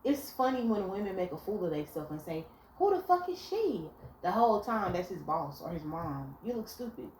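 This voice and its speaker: Blunt and profane, a young woman tells animated stories while giving relationship advice in a casual vlog. Her voice is on the low side, a little fast, with hardly any pauses, and the echoey room adds faint ambience and slight background noise.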